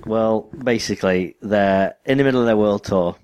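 A man's voice: fairly low pitch, normal speed, background noise. A man co-hosting a podcast in casual chat, rambling and restarting his sentences. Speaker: podcast co-host.

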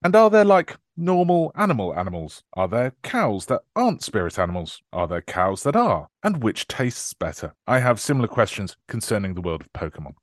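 A man's voice: fairly low pitch, very animated, brisk, hardly any pauses, dry recording, clean studio sound. A man hosting a casual podcast chat, joking in a wry way. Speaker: podcast host.

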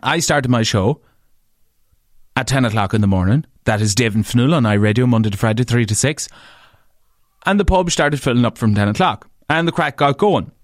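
An Irish man hosting his own podcast tells stories in a loose, rambling monologue, swearing freely and jumping up in pitch when he stresses a point. His voice sits at an ordinary middle pitch for a man. The sound is dry and close, with no room in it. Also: brisk, no room sound. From Ireland. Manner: animated, swears freely, leaps up in pitch for emphasis. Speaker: podcast host and radio presenter. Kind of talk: casual storytelling monologue.

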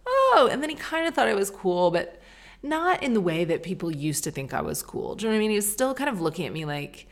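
A woman's voice: lowish voice, big pitch swings, quick pace. A middle-aged woman hosting a podcast, rambling through a self-deprecating, stream-of-consciousness monologue with casual swearing. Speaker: podcast host.

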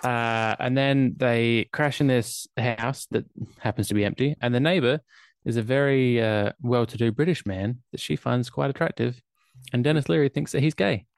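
A man's voice: medium pitch, moderate pace, vocal fry, no room sound. A man with an Australian accent, co-hosting a podcast and recapping a film in casual chat with dry humor. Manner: chatty, wry film recaps with filler ums. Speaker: podcast co-host.

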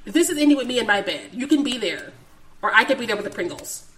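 Brief: frank, laughing woman co-host in a loose podcast chat, voice sits fairly high. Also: animated, fast, fairly bright tone. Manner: frank, laughs often, keeps saying "listen". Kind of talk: casual film discussion.

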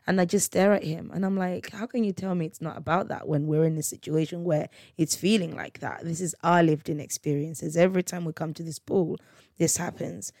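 A woman's voice: on the low side, steady tone, brisk, a little mellow, dry recording, clean studio sound. A woman, casually retelling a dispute on a podcast and acting out both sides of it. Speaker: podcast host. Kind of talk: casual storytelling.

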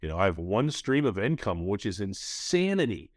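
Lowish-voiced guy in his 30s hosting a podcast, animated storyteller, dry close mic. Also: moderate pace, no echo. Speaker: podcast host. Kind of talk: casual podcast interview.

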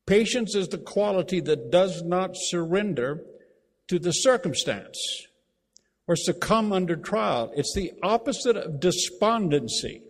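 A man preaching a sermon, emphatic, repeating key phrases and slowing down to read scripture aloud. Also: sits high, animated. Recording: long reverb of a large hall.

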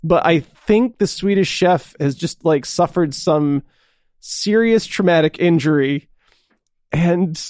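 Man, podcast co-host, rambling enthusiastic chatter, a bit high, dry close sound. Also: slow, darkish tone, no echo. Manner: rambling, enthusiastic, swears casually. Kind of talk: casual chat.

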